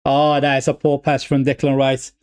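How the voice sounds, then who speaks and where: Medium-pitched and clean in tone, a man's voice moves at normal speed as he streams a live football watch-along. Excitable, he calls the play loosely, repeats lines and talks directly to his viewers as "people."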